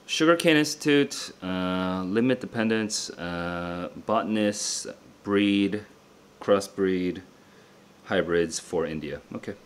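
In a deep, smooth voice and at a slow pace, the same tired, distracted young SAT tutor works through test questions out loud in his room. He mutters, checks his own work and drops casual comments to viewers.

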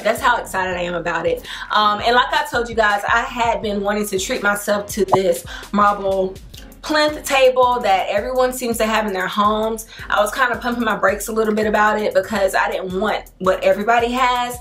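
A young adult woman hosting a home decor vlog, telling a story to camera in an excited, chatty, slangy way. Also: medium pitch, normal speed, soft background music. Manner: excited, chatty and slangy, addresses viewers as y'all.

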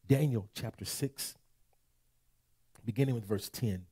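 A pastor giving a sermon, reading scripture slowly and emphatically, with his own comments in between. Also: medium pitch, expressive, dark tone.

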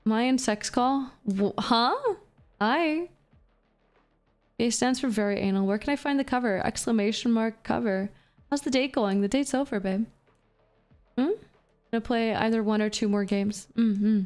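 A woman's voice: a little high, moderate pace, pauses often, a little mellow, clear, resonant tone. A woman streamer chatting casually with her live chat while gaming, profane, playful and flirty. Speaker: VTuber streamer.

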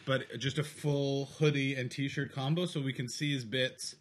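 A man from Canada, a guest comedian, bantering casually on a podcast in a brash, profane way with loud mock rants. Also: medium pitch, level tone, moderate pace.

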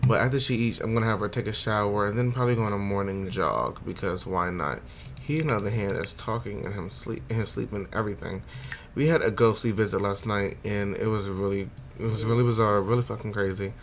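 A man's voice: lowish voice, brisk, a little hiss or hum. A man hosting a casual let's play, rambling, swearing and talking to his characters, sleepy and yawning. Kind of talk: casual gameplay commentary.

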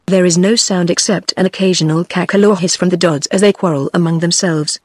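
A text-to-speech woman's voice with a British English accent, reading a play script aloud in an even, synthetic manner. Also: lowish voice, a little fast, no echo, clean studio sound. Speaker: audiobook reader.

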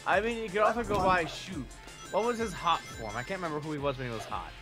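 High-voiced young man rambling over game music. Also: quick pace. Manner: animated storyteller, rambling tangents. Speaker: gamer playing a speedrun race. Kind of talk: casual gaming chat.

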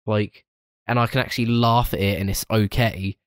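Sweary lad, low dry voice. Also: male voice, brisk, dry recording. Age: 20s. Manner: swears freely, laughs often, animated retelling. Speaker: podcast co-host. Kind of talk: casual film review chat.

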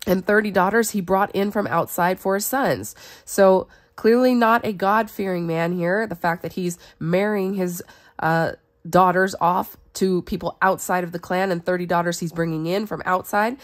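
Earnest woman teaching a Bible study. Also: fairly low pitch. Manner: earnest and conversational, reads verses aloud then comments. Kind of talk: reading scripture and explaining it.

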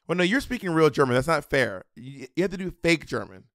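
A man's voice: on the high side, very animated, fast, a bit bright, no echo, clean studio sound. A man co-hosting a casual podcast chat, playful and joking, breaking into silly fake-accent bits. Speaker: podcast co-host.

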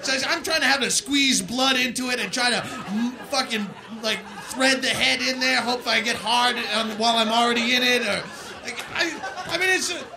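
Man, very high voice, stand-up comedian, crude rant, shouted punchlines, handheld mic, live club, loud audience laughter. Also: moderate pace, gravelly, a crowd in the background, background noise.

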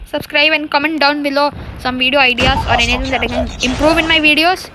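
A woman giving excitable live gameplay commentary for her video channel, repeating phrases and trash talking. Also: high voice, quick pace, crowd noise. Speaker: gaming video creator. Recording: loud game gunfire and explosions under voice.

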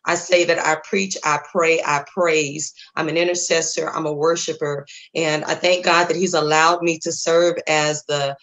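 A woman pastor, hoarse from preaching and singing, introducing herself on a ministry talk show in a spirited church manner. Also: sits low, little pitch movement, moderate pace, hardly any pauses, fairly bright tone, muffled recording.

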